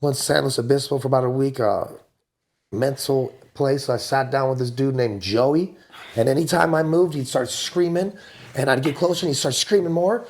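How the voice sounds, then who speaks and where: An American podcast guest in his forties tells wild stories in laid-back, slangy talk at a moderate pace. His voice sits at an ordinary middle pitch but jumps way up whenever he quotes someone, making him an animated storyteller.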